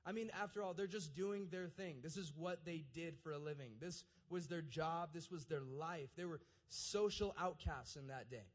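This is a young man with a slightly high voice who gives a relaxed, chatty sermon as a youth pastor. He reads scripture aloud, then talks it through in plain, everyday words. He keeps tossing quick "right?" questions to his listeners. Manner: conversational, keeps asking "right?" to the audience. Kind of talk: casual sermon with scripture reading.

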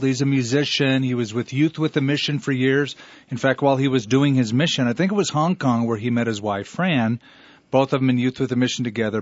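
A man's voice: mid-range voice, no room sound. A man who is a pastor, chatting and teasing on a radio show. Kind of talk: casual radio chat. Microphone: studio microphone. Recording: dull lo-fi radio studio.

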